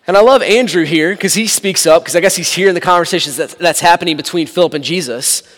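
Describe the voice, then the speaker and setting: High-pitched pastor guy preaching, acts out the dialogue, long echo in the hall. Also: fast talker. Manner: animated, acts out quoted dialogue, sarcastic asides. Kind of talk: sermon.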